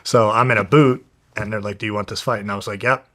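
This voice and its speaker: A young man from New Jersey tells his story as an interview guest. His voice sits low and pushes hard and tense. He talks bluntly and swears all the time. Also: steady tone, quick pace, bright, forceful tone. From New Jersey, USA. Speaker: guest, professional fighter. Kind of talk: casual storytelling.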